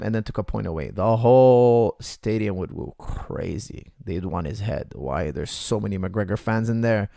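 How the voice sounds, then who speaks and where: A middle-aged man, a coach, talking casually to viewers and telling stories in an animated way, acting out what others said and using many fillers. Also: fairly low pitch, moderate pace, creaky, few pauses, no room sound, clean studio sound. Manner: animated storytelling, acts out quotes, many fillers. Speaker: coach answering viewer questions. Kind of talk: casual livestream Q&A.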